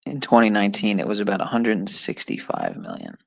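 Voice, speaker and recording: A man's voice: on the low side, wildly swooping pitch, quick pace, vocal fry, dry recording, poor audio. A man streaming live, muttering and swearing in frustration as he works through an online test and talks to his viewers. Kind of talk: casual live-stream talk while taking an online test.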